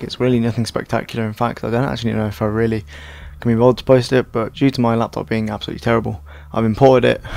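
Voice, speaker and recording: Young male gaming commentator, tired and hoarse, gravelly, self-deprecating rambler. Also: mid-range voice, darkish tone. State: hoarse, sore throat. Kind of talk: casual gameplay commentary.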